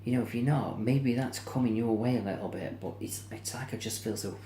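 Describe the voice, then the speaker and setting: A man giving a spiritual card reading, speaking gently and repetitively, sounding tired and drained. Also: mid-range voice, brisk, hardly any pauses, a little hiss or hum. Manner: soothing, repetitive, yawning and tired. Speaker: psychic card reader. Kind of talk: tarot-style reading to camera. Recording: echoey room with faint ambience.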